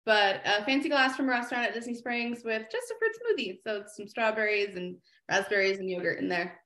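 A woman's voice: mid-range voice, brisk, pushed and bright, echoey room. A woman author guesting on a podcast, chatting casually and telling rambling, friendly stories. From United States. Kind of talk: casual chat.

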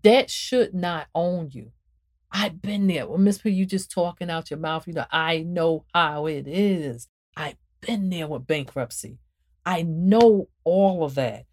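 A woman hosts a spiritual talk in a sermon-like manner and speaks straight to her listeners. Her voice sits low and sounds warm and mellow. She keeps swinging her pitch for emphasis and repeats her phrases. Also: unhurried. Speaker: podcast host and author.

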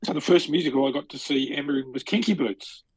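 A man's voice: a little high, quick pace, breathy edge, no room sound, low-quality recording. Chatty man telling stories. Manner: chatty, storytelling with lots of restarts. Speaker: podcast co-host. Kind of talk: casual chat.

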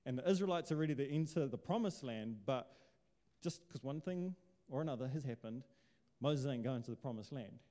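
A man's voice: medium pitch, lively intonation, a little fast, warm tone. A man preaching a casual sermon, chatty and joking, firing off rhetorical questions. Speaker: pastor. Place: church hall. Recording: long hall reverb.

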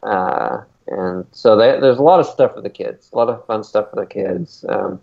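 A man's voice: lowish voice, normal speed, creaky. A man co-hosting a podcast in casual chat, rambling with plenty of ums and uhs. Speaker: podcast co-host. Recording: dull lo-fi recording.

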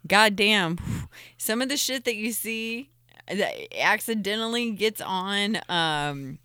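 A woman's voice: mid-range voice, pushed and bright, smooth, no echo, studio quality. A woman co-hosting a casual podcast, joking and laughing with friends about old times. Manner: playful, laughing, drawn-out delivery. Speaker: podcast co-host. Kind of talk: casual chat.

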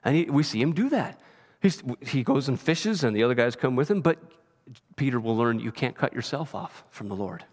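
A man's voice: medium pitch, expressive, moderate pace, a little mellow. Conversational preacher man in a reverberant hall. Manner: conversational, often checks in with "right?". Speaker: pastor. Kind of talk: sermon. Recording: long reverb of a large hall.

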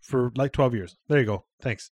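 A man's voice: mid-range voice, a little mellow, no room sound. Profane man, dry close sound. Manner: loose and profane, laughs often, quick asides. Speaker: podcast host. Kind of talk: casual chat.

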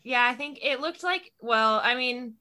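A woman's voice: on the high side, a little slow, pushed and bright. A woman co-hosting in casual chat, laughing often and talking with lots of "like". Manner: chatty, laughs often, many "like" fillers. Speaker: podcast co-host.

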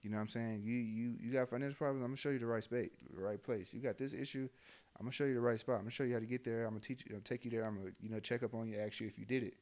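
A man's voice: mid-range voice, steady tone, rapid-fire, a little mellow. A young adult man, a soldier, talking bluntly and heatedly in casual chat, with lots of fillers and swearing. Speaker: army soldier, podcast co-host.

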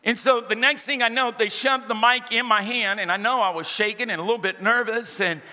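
A man's voice: very high-pitched, steady tone, brisk, bright, forceful tone. A man preaching a sermon, telling his own story and calling on the congregation to repeat key phrases back to him. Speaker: pastor. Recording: long hall reverb.

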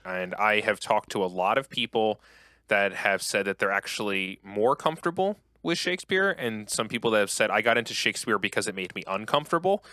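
Bright-voiced male interviewer. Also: on the low side, expressive, a little fast, dry recording. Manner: curious, chatty questioning. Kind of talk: interview questions.

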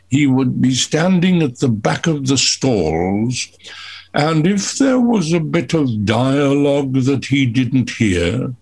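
Slow, husky older man telling stories. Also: mid-range voice, a little mellow. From Wales. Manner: slow, measured storyteller with dry humor. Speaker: guest, veteran entertainer. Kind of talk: radio chat, telling stories.

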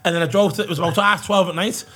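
A man's voice: high voice, fairly even intonation, rapid-fire, noisy background. A man, a guest telling rowdy stories with lots of swearing and laughter. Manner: swearing, laughing, calls everyone lad. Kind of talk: casual storytelling.

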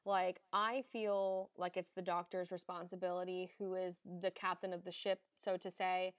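A woman's voice: on the low side, little pitch movement, moderate pace, no room sound. A young woman who works as an emergency nurse, hosting a podcast and speaking frankly and emphatically, often swearing, in casual chat.

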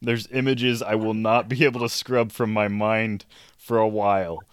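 A man co-hosting a casual podcast, with wry, deadpan humor. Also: lowish voice, moderate pace, clear, resonant tone, dry recording, studio quality. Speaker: podcast co-host.

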